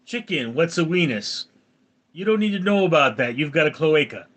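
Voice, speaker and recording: A man's voice: a little high, lively intonation, moderate pace, fairly bright tone. A man in his forties hosting a casual livestream, reading out viewer comments and answering them dryly. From California. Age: 40s. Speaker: livestream host reading chat.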